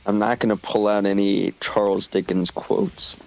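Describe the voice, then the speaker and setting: A man's voice: on the low side, steady tone, creaky, low-quality recording. A man chatting casually on a stream while playing a game, distracted and apologetic. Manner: slow, distracted, self-deprecating chatter. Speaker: stream co-host.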